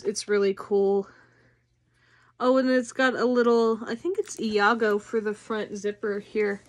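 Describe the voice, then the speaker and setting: A woman vlogger chatting casually through an unboxing, gushing and excitable, with some casual swearing. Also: mid-range voice, slight background noise.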